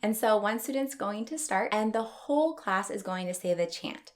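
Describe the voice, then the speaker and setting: A young woman teacher walks fellow teachers through a classroom routine. She speaks in a clear, upbeat way at a middle pitch and explains each step plainly. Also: expressive, moderate pace. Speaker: elementary school teacher.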